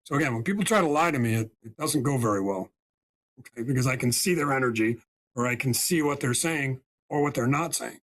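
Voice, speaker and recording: A man's voice: mid-range voice, brisk, a bit bright. A man from the United States telling a story as a podcast guest and spiritual healer, emphatic and often checking in with "right?" and "okay?".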